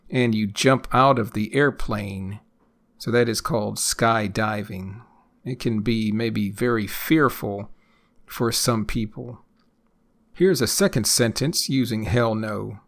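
A man hosting an English-learning podcast lesson, speaking slowly and repeating phrases for learners. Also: on the low side, gravelly. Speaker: English teacher and podcast host.

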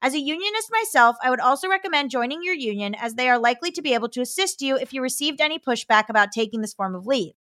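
Woman co-host, high and bright, steady letter-reader, dry close mic. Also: fast, hardly any pauses, no echo. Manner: steady reading voice, breaks into laughter. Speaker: podcast co-host. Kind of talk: casual podcast chat, reading a listener letter aloud.

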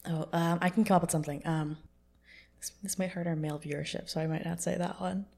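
A young woman co-hosting a podcast in casual chat, teasing and quick to laugh. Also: on the low side, steady tone, vocal fry, a little mellow. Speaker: podcast co-host.

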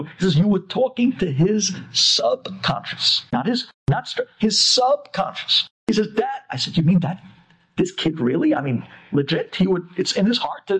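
A man, a rabbi, telling a story in an animated way, acting out the voices of the people in it. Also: sits high, slightly rough.

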